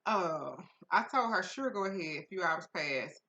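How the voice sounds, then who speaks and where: A woman hosting a casual podcast tells a listener's story. Her voice is bright and sits a little low. She swears freely and keeps bursting into loud laughter. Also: normal speed, highs cut off, a little hiss or hum. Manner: profane, laughs loudly, swings from flat reading to shrieking. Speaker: podcast host reading listener letters.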